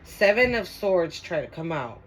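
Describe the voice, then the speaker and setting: Speaking at a moderate pace against a noisy background, this woman has a fairly low, very animated voice. As a tarot reader doing a casual reading, she addresses her viewers head-on, hammering her points home, circling back over them, and cursing frequently.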